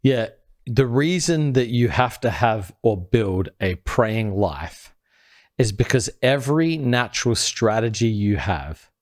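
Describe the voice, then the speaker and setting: As a podcast co-host, a man walks through a scripture passage in conversational Bible teaching, as though instructing friends around a table. He is earnest and expressive, takes his time, and builds his point step by step. Whenever he quotes a verse, his voice drops low and quiet.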